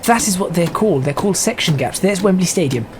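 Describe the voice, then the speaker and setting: A man's voice: sits high, lively intonation, fast talker. A man giving casual, stop-start gameplay commentary as a video host. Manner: chatty, stop-start, self-correcting. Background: train sim game noise.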